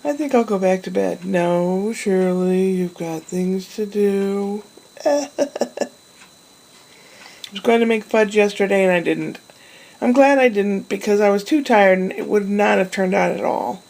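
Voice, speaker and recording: Gravelly-voiced woman chatting casually. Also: medium pitch, normal speed, pauses often, a little mellow, low-quality recording. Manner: chatty, meandering, with laughs and self-talk. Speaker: vlogger. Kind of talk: casual rambling monologue.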